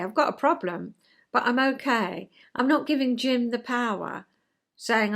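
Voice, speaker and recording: A woman, hosting a chatty vlog and explaining ideas in a gentle, conversational way, acting out little everyday scenes. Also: fairly high pitch, lively intonation, unhurried, vocal fry. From England. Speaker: vlog host, retired counsellor.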